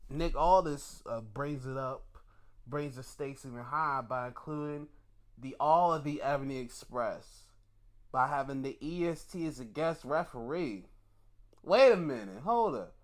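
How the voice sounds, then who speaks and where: A man reviewing wrestling shows in casual commentary, excitable and profane, often putting on mock outrage. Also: medium pitch, unhurried.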